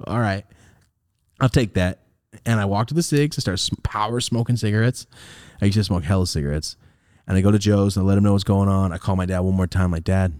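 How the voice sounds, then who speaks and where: Low-voiced man telling a wild story. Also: brisk, no echo, studio quality. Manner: animated, swings between loud high bursts and low muttering. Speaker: podcast host. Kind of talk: casual storytelling.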